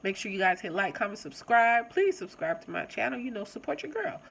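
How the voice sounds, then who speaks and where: A young adult woman hosting her own channel, casually reviewing a TV episode and talking straight to her viewers in an animated, chatty way. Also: medium pitch, fairly quick, creaky, husky, low-quality recording.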